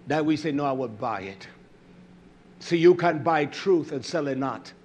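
A man preaching a sermon, repeating phrases for emphasis and swinging between loud outbursts and low muttering, with a scornful edge. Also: moderate pace, slight background noise.

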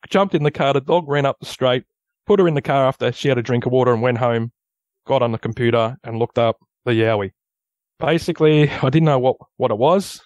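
Animated Australian man telling a story. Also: medium pitch, brisk, no room sound, studio quality. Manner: animated, acts out sounds and dialogue. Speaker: podcast guest. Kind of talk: casual storytelling.

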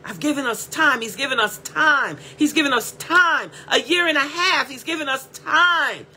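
A woman preaches an impassioned sermon as a prophetic teacher, blunt, scolding, direct and repetitive, breaking into cries of praise. Her high voice is expressive and sharp at a moderate pace, with slight background noise.

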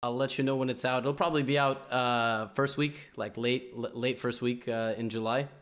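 A man hosting a podcast, chatting easily with his guest. His voice sits at a middle pitch, and he laughs often and drops casual slang. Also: steady tone, normal speed, fairly bright tone. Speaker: podcast host.

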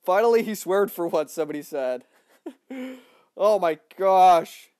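A young man giving excitable live commentary on a shooter game, often yelling at opponents. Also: high voice, measured pace, no echo, studio quality. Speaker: livestreaming gamer.

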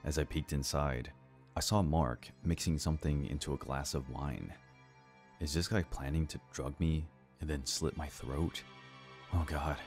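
A man narrating a first-person horror story in a slow, even, scripted storytelling delivery. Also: very deep voice. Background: faint background music.

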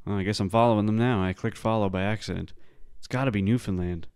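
A man's voice: lowish voice, quick pace, a little mellow, clean tone. A man hosting a podcast, casually reacting to videos in a profane, incredulous, rambling way. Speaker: podcast host.

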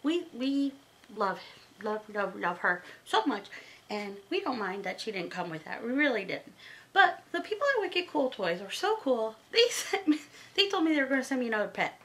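A woman reviewing toys at home, gushing and excitable in a casual chat. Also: on the high side, normal speed, rough recording. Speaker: toy reviewer.

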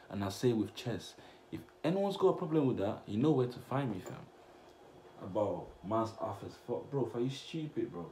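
A young man from Cameroon, chatting casually as he reacts to comments on his vlog, blunt and slangy with sudden loud outbursts. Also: mid-range voice, very animated, normal speed. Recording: echoey room with faint noise.

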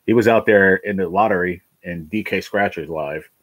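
Frustrated man with a deep, husky voice. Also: normal speed, fairly bright tone, dry recording, rough recording. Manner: frustrated, rambling, swears often. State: ill, worn down. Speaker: livestream host. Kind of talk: casual livestream chat.

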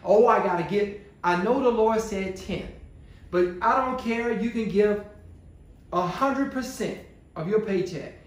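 High-voiced preacher in an echoey church. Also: male voice, a little slow. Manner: call-and-response preaching, rhetorical questions. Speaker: pastor. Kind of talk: sermon.

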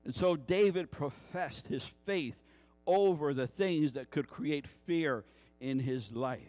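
A man's voice: fairly high pitch, takes it slowly, darkish tone. A man preaching a sermon as a guest pastor, telling a story with rhetorical questions and acting out the quoted voices.

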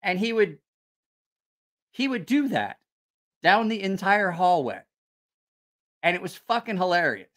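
A man's voice: high voice, sing-song, unhurried, pauses often, a bit bright. A man hosting a casual livestream, telling rambling, profane stories and reacting to viewer comments. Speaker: channel host.

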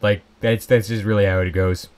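A man's voice: fairly low pitch, fairly even intonation, brisk, darkish tone. A young man casually commenting on his own gameplay, rambling and joking at his own expense. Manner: rambling, self-mocking, joking asides. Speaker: Let's Play host.

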